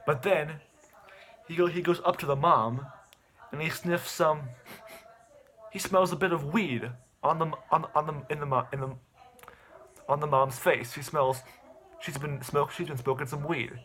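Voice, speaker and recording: A man's voice: on the high side, measured pace, pauses often, fairly bright tone. A man casually retelling a story in a rambling way, restarting often. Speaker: video host. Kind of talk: casual rambling plot recap.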